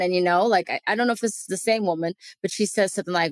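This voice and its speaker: A woman's voice: mid-range voice, expressive, quick pace, few pauses, no room sound, clean studio sound. A woman dermatologist chatting as a guest on a podcast over a remote call, talking easily and laughing often. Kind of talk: casual podcast chat.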